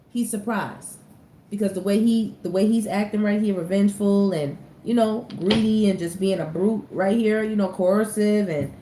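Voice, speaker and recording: A woman gives a casual tarot reading, chatting directly to her viewers and breaking into laughter now and then. Her voice sits in an average range. It echoes around the room over a faint steady ambience. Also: medium pitch, a little hiss or hum. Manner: chatty, talks straight to viewers, laughs often. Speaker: tarot reader.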